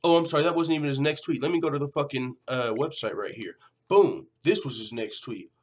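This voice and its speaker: A man's voice: a little high, fairly quick. A man hosting an MMA news vlog, talking casually and animatedly, swearing often. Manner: animated, profane, conversational. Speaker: MMA news channel host.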